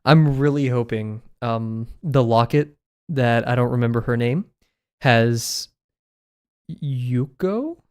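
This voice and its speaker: A man's voice: medium pitch, slow pace, clear, resonant tone. A man chatting casually while drawing on a livestream, rambling with frequent laughs and fillers. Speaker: streamer.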